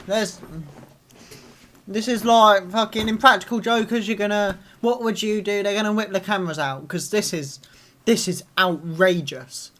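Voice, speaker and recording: A young man hosting a live reaction video, ranting angrily and swearing, with sudden loud outbursts. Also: high voice, moderate pace.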